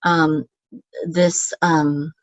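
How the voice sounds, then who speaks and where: A woman teaching a relaxed online language lesson, explaining patiently and often checking in with "okay?". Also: deep voice, extremely slow, no room sound. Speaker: Biblical Hebrew teacher. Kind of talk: casual screen-share lesson. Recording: dull, dry lo-fi sound.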